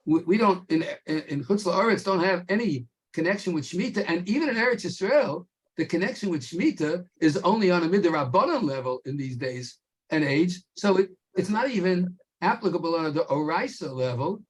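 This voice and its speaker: Husky guy teaching a torah class, leans hard on key words. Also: high voice, animated. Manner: explains slowly with stretched emphasis on key words.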